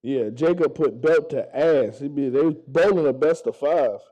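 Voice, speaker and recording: A man with a high, light voice talks casually to his viewers. He tells loose, profane stories, often stumbling and restarting his sentences. The sound comes from an action camera strapped to his chest. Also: moderate pace, dark tone, highs cut off. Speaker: bowler chatting to viewers. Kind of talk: casual chat.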